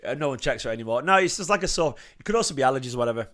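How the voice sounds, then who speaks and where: Excitable man on a fan livestream. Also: medium pitch, racing. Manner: excitable, emotional, chatty, with many fillers. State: slight cough. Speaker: fan channel host reading live chat. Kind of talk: casual livestream chat.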